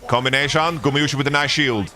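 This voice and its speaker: A man streaming a live esports watch-along, commenting excitably and breaking into loud exasperated rants. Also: mid-range voice, quick pace, soft background music. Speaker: streamer co-casting a match.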